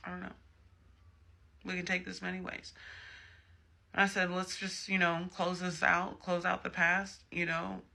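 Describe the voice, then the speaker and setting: A man's voice: sits high, completely flat delivery, measured pace, vocal fry, long pauses, pushed and bright. A man giving a casual tarot reading, chatty and emphatic, with frequent personal asides. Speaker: tarot reader.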